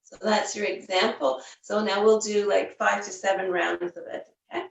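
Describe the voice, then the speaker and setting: Woman yoga instructor, mid-pitched, calm guided cues; roomy room sound, set back from the mic. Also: creaky, far from the mic, muffled recording. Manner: gentle, unhurried cues with fillers. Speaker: yoga teacher.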